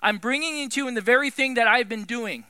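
Man preaching, high voice, emphatic, swings loud and hushed, dry sound. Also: fairly quick, clear, resonant tone, no room sound. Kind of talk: sermon.

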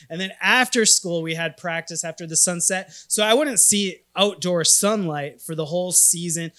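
A man from Minnesota in his thirties preaching a sermon, telling stories with animated, emphatic swings in loudness. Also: high-pitched. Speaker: pastor.

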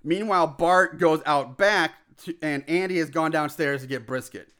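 A man casually recapping a film plot as a podcast host, animated, acting out shouted lines and laughing often. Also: a little high, moderate pace, clear, resonant tone. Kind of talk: casual chat.

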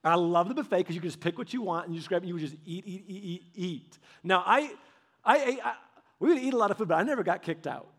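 A man's voice: high-pitched, animated, quick pace. A man giving a sermon as a pastor, chatty and full of personal stories, often speaking straight to his listeners. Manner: conversational, anecdotal, speaks straight to the audience.

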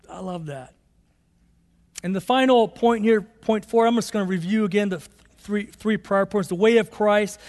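A man preaching a sermon as pastor, emphatic and repetitive, rising to excited bursts. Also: high-pitched, long reverb tail.

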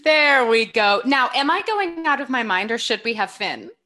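Woman director, bright tone, enthusiastic, thinking aloud, casual group talk. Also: fairly high pitch, very animated, moderate pace.

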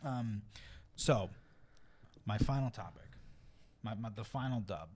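A man's voice: on the low side, a little slow. A young man co-hosting a podcast, telling a story in a loose, rambling way with lots of fillers. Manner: rambling storyteller, animated retelling. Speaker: podcast co-host. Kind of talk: casual chat.

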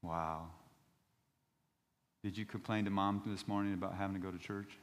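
A man in his fifties, a pastor preaching a sermon in a church, telling stories and rising to loud outbursts when he reads scripture. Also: sits low, moderate pace, in a large hall. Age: 50s. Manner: animated storytelling preacher, voice rising to shouts on scripture.

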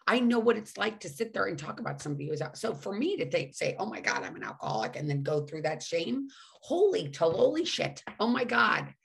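A woman's voice: mid-range voice, very animated, fairly quick, creaky. A middle-aged woman speaking frankly and emotionally about her past, with swearing and self-mockery. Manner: says she cannot sing. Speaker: recovering alcoholic sharing her story. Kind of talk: candid personal monologue.

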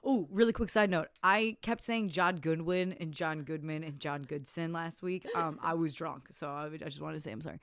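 A woman's voice: low voice, brisk, hardly any pauses. A young woman co-hosting a podcast in casual chat, laughing often and swearing freely. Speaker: podcast co-host.

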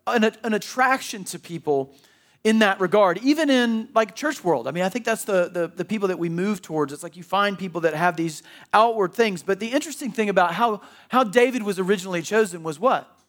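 Guy preaching, kinda high voice, chatty and emphatic, stumbles and repeats himself a lot. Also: a little fast, a bit bright. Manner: conversational, restarts and repeats words, emphatic. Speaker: pastor. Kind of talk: sermon. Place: church.

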